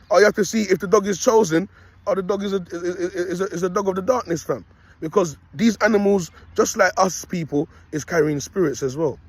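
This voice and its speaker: A man's voice: high voice, breathy edge, no room sound. Guy rambling preachy stuff into his phone on a walk, huskyish voice, dry close sound. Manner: keeps repeating "you get me" and "people", restarts words. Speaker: self-styled prophet vlogger. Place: outdoors on a walk with his dog.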